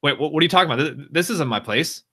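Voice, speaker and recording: A man's voice: fairly high pitch, expressive, very fast, sharp tone, husky, heavily acted. A man voicing a broke male drunk who wakes up rich, stammering and incredulous. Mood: confused.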